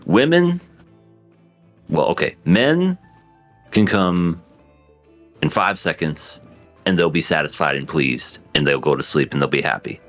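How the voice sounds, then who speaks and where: Man, slow delivery, crude laughing banter, lively pitch. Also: faint music behind. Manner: crude, laughing, drawn-out storytelling. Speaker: podcast co-host. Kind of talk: casual podcast chat.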